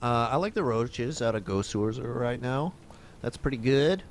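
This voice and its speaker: A man giving relaxed, conversational color commentary on a strategy game match. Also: medium pitch, unhurried, a little hiss or hum. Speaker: esports co-caster.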